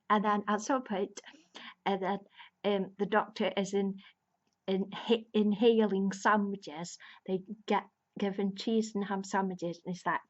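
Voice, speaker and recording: A woman's voice: medium pitch, unhurried. A woman casually retelling a plot as a video reviewer, rambling with many restarts and fillers and laughing now and then. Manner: amused, laughs between lines. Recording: slightly dull lo-fi sound.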